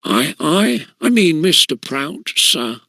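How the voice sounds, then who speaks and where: Guy voicing a fat whiny schoolboy, stammers nonstop, kinda low and gravelly. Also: big pitch swings, takes it slowly, pushed and bright, no room sound, studio quality, heavily acted. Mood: whining. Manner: stammering, pleading.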